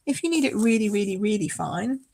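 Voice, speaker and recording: A woman's voice: medium pitch, lively intonation, brisk, creaky, dark tone, slightly rough. A woman demonstrating card making in a live craft tutorial. She chats casually, often apologises and laughs along the way.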